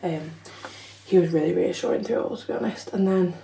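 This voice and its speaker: A woman's voice: lowish voice, a little fast, vocal fry, warm tone, a little hiss or hum. A young woman telling her story in a chatty, frank vlog, swearing casually. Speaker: vlogger. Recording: echoey room, slightly far from mic.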